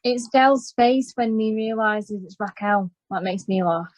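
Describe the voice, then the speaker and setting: A woman's voice: medium pitch, a little slow, no echo. Woman making brief, hesitant remarks. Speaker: podcast guest. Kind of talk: casual chat.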